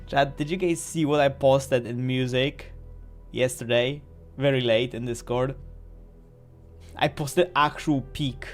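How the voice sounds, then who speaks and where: Man, live streamer, playful rambler, mid pitch, soft music behind. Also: takes it slowly. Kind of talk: casual live-stream chat. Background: faint music.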